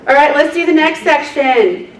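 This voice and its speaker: A woman leads a seminar, chatting and laughing her way through stories from her work. Her voice sits a little high and carries a roomy echo. She sounds picked up from some distance, with faint noise behind. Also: normal speed. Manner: chatty, laughing, lively storyteller. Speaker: seminar instructor, court reporter. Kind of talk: casual storytelling lesson.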